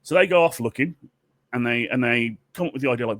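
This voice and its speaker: A man's voice: medium pitch, quick pace, a bit bright. A man, tipsy from drinks, telling a myth comically in a rambling, profane way with many restarts. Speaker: storyteller.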